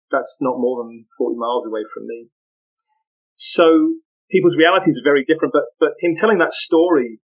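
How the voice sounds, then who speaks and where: Earnest man telling stories. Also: medium pitch. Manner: earnest, animated anecdotal telling with restarts. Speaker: podcast guest. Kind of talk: conversational storytelling. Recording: muffled lo-fi audio.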